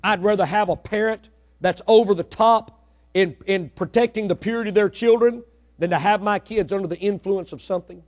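A middle-aged man preaching a sermon in church, swinging from hushed asides to loud, rising exhortation. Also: high-pitched, a little fast. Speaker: pastor. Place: church sanctuary.

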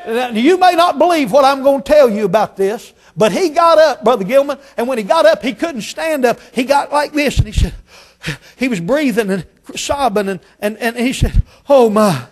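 A man preaching a storytelling sermon, swinging between emphatic shouts and hushed tones. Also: very high voice, animated, moderate pace. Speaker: pastor.

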